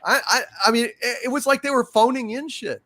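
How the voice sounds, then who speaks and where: High-voiced man swearing indignantly. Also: fairly quick, pushed and bright. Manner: profane, indignant, emphatic. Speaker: podcast host. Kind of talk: casual ranting chat.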